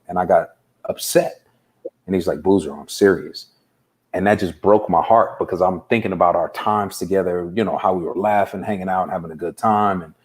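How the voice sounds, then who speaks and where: A man's voice: lowish voice, darkish tone. A man, a guest coach on a live interview show, telling a personal story earnestly and acting out the dialogue. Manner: earnest, acts out quoted dialogue.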